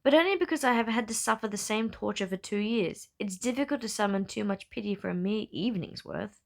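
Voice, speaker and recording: A woman lending her voice to a quick-witted young lady of high society, frank and lightly teasing. Her tone sits a touch brighter than plain narration, with a gravelly fry at the ends of phrases and a mid-range pitch. It is read like a storybook, not fully acted. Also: natural voice. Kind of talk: audiobook-style novel reading.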